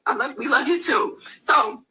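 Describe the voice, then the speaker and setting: A woman's voice: high voice, moderate pace, sharp tone. A woman giving a friend impassioned, preachy advice in an emphatic way. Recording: distant mic with faint background noise.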